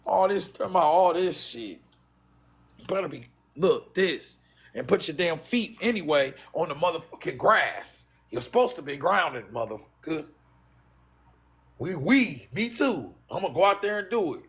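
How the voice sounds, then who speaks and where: A man hosting a livestream, talking in a blunt, profane, animated rant. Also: fairly high pitch, a little slow. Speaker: livestream host. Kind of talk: casual ranting livestream.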